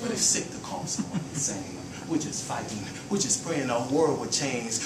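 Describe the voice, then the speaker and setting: A man performing spoken-word poetry at an open mic, rhythmic and swinging from hushed lines to loud chants. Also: mid-range voice, very animated, normal speed, creaky, few pauses, a crowd in the background. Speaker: performance poet. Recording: roomy live recording from a distance.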